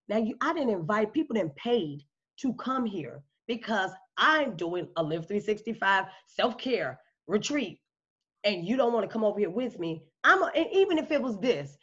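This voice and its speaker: A woman guest in a casual interview, telling her story and acting out quoted dialogue with big jumps in pitch. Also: sing-song, moderate pace, a bit bright, slightly rough. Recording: slightly dull lo-fi audio.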